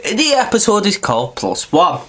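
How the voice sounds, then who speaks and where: A man's voice: sits high, huge pitch swings, normal speed, pushed and bright. A man, stuffy and nasal from hay fever, rambling chattily through a casual video review and swearing now and then.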